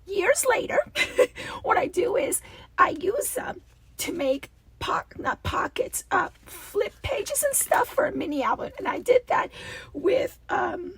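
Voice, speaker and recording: Raspy, high-pitched gushing woman. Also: very animated, takes it slowly, fairly bright tone, far from the mic. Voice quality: raspy double-toned voice. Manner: gushing, with many breathy half-whispered asides. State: hoarse. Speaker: craft channel host. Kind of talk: casual unboxing vlog.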